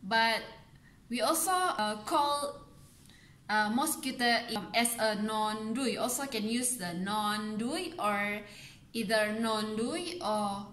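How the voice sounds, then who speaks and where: Young woman doing a chill language lesson, slow pace, echoey room. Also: a little high, fairly bright tone. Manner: repeats words slowly, mixes English and Malay, laughs at herself. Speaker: language teacher on a video channel.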